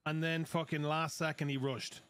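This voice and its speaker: A man chatting casually with a fellow player, relaxed and loose with swearing. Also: on the high side, moderate pace. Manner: relaxed, swears casually, calls people bro. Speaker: teammate in a survival game. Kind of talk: casual gaming chat.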